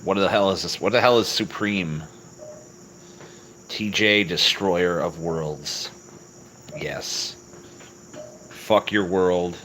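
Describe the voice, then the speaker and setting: A low-pitched man with a bright, forceful edge to his voice, answering a livestream chat in a crude, deadpan, mocking way. Faint crickets and insects chirp in the background. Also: slow, pauses often, a little hiss or hum, low-quality recording. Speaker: livestream host reading chat.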